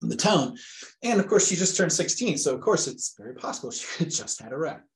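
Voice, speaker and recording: A man's voice: a little high, big pitch swings, fairly quick. Earnest father in an echoey room. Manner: earnest, vivid retelling of a frightening call. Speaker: guest, a father telling of a scam call. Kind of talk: interview storytelling.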